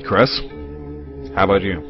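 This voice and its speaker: A man voicing a hot-headed young male fighter in a game playthrough, loud and urgent. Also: sits low, unhurried. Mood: angry. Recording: muffled capture with game music.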